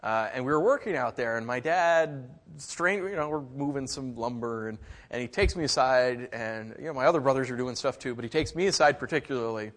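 A middle-aged man preaching a sermon, telling a childhood story with lively, animated delivery and mimicking other voices. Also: medium pitch, a little fast. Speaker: pastor. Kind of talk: sermon with personal stories.

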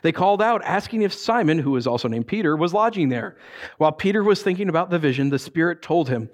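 A man, a pastor, preaching a sermon, reading scripture and acting out lively asides. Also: a little high, fast. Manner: animated, acts out voices and asides.

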